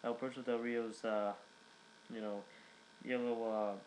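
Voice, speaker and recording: A man's voice: medium pitch, level tone, slow pace, darkish tone, slight background noise, poor audio. Rambling man recapping casually. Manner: rambling, many fillers and restarts. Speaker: wrestling reviewer.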